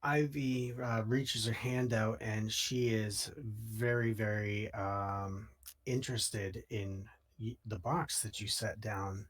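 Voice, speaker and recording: A man narrating a tabletop game as game master in an unhurried, descriptive way. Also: fairly low pitch, fairly even intonation.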